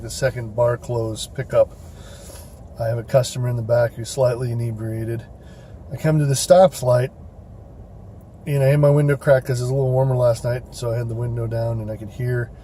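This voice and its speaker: A man's voice: medium pitch, mellow, slight background noise. A man telling a story in a casual, rambling way, with many fillers and restarts, recorded in his car. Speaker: rideshare driver vlogger.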